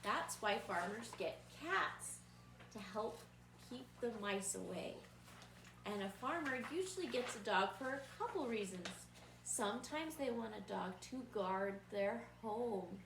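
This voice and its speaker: A woman's voice: a little high, animated, unhurried, gravelly, background noise. A woman preschool teacher giving patient, encouraging craft instructions to young children. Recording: roomy echo from a distant mic.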